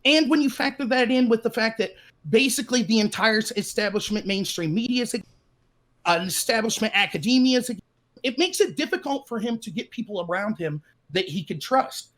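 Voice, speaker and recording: High-voiced man on a glitchy call. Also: lively intonation, fairly quick, fairly bright tone. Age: 30s. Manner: hesitant, apologetic, hedging with "I feel". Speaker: caller. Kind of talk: casual political debate. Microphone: voice call with a cutting-out mic. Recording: call audio, mic gating.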